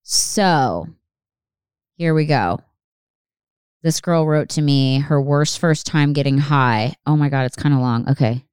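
Low, smooth-voiced woman podcast host. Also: slow, long pauses, a little mellow, no echo, studio quality. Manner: rambling, frequent swearing, many "like" fillers. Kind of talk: casual chat.

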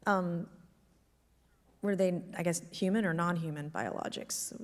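A woman asking questions at a hearing in a halting, careful way. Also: fairly low pitch, long reverb tail. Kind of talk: formal questioning.

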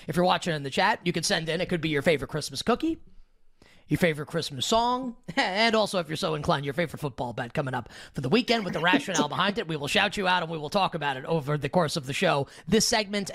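A man's voice: fairly high pitch, vocal fry, fairly bright tone. A man co-hosting a sports betting podcast, chatting casually with frequent stammered restarts and laughs. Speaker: podcast co-host.

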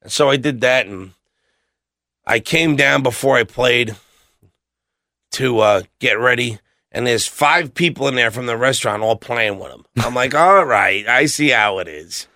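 A man's voice: medium pitch, measured pace, creaky, pushed and bright, no room sound, studio quality. A middle-aged man, a guest on a podcast, telling rambling, blunt stories and acting out what others said. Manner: blunt, rambling anecdotes with acted-out quotes. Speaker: podcast guest, metal singer. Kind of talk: casual storytelling interview.

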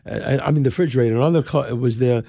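Very fast and gravelly, this mid-range male voice belongs to an older Bronx native with a New York accent telling a story as an interview guest. He's lively and emphatic, acting out the people he quotes, in a dry recording with clean studio sound.

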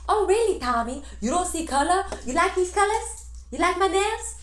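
A woman's voice: very high voice, lively intonation, moderate pace, voice pushed up. A woman doing a comedy impression of a brash, sassy young female rapper, teasing with showy questions. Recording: echoey clip with faint noise.

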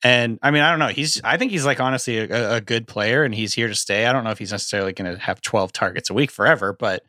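A male podcast co-host who rambles through analysis with lots of fillers. His voice is bright and forward, recorded dry and close on a studio microphone. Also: medium pitch, fast talker, dry recording. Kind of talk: casual chat.

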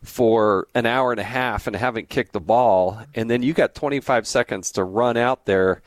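A man's voice: medium pitch, moderate pace, dry recording. A middle-aged man hosting a podcast, chatting casually and animatedly, often breaking in with side notes. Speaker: podcast host. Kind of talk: casual interview chat.

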